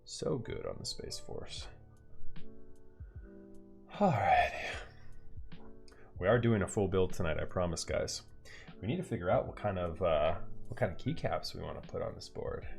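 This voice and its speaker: Building a keyboard at home, this man talks casually and upbeat with his stream viewers, full of slang. His voice sits low with vocal fry, expressive and a little mellow, at a moderate pace with frequent pauses. He's on a headset in a home room, with faint movie music drifting in from elsewhere.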